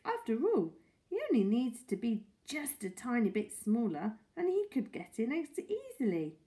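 A woman voicing a shy, gentle older gentleman who speaks politely and reassuringly. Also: a little high, very animated, normal speed.

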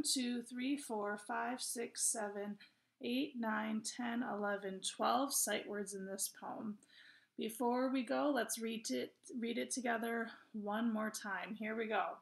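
Slow, gravelly-voiced kindergarten teacher. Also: female voice, a little high. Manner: slow, drawn-out reading for kids; cheerful, encouraging teacher talk. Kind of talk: reading a poem aloud to young children.

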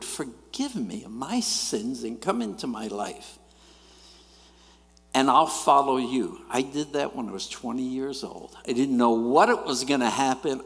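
A middle-aged man, preaching a sermon and telling stories in an animated way, swinging between loud and quiet. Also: medium pitch, vocal fry. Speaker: guest preacher. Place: church sanctuary. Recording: church hall reverb.

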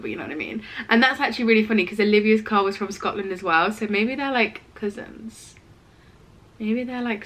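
A woman in her twenties chatting casually for her vlog in her student flat, full of "like" fillers, her throat a little rough from a cold. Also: medium pitch, slight background noise. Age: 20s. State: slightly ill, throat rough. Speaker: vlogger.

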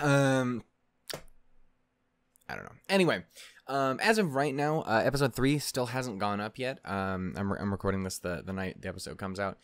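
A young man with a lowish voice chats in a playful, rambling way, jumping from stern muttering to sudden loud outbursts. The sound is close and dry, with no room around it. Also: expressive, normal speed, clear, resonant tone, no room sound. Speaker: reaction video host. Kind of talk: casual solo chat before a reaction.

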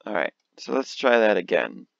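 Young male let's-play host, low gravelly voice, mutters sums, dull lo-fi mic. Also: sing-song, normal speed, a little hiss or hum. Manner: mutters card sums, then bursts of exasperation. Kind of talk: casual game commentary.

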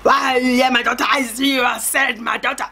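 A woman voicing a male ancestor spirit who speaks slowly and solemnly, calling the listener his daughter. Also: high voice, fairly even intonation, gravelly, bright, forceful tone, slightly rough, full character voice. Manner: slow, intoning, repeats "my daughter".

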